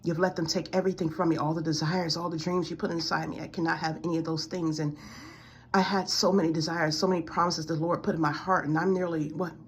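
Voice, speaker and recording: A woman's voice: sits low, level tone, quick pace. A woman in her forties giving a pleading, tearful spiritual testimony to camera, close to tears and repeating her complaints. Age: 40s. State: near tears.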